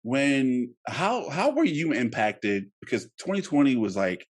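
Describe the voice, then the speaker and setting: A man in his thirties hosting a casual podcast interview, animated and laughing, often repeating words as he talks. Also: medium pitch, unhurried. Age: 30s. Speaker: podcast host.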